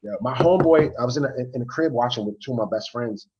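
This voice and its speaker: Husky man in lively sports chat. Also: medium pitch, fast, dull audio. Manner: animated storytelling, frequent restarts. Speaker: podcast co-host.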